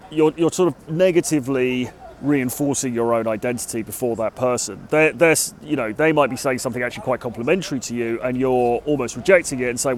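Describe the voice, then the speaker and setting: Outdoors in a city, a British dating coach chats to the camera with casual advice, his medium-pitched delivery peppered with "kind of" and "sort of."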